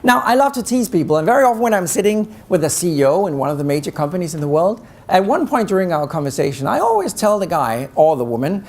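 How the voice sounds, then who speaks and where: A man's voice: high-pitched, sing-song, quick pace, hardly any pauses, darkish tone. A man giving a live talk on negotiation, teasing the audience with rhetorical questions. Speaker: keynote speaker on negotiation.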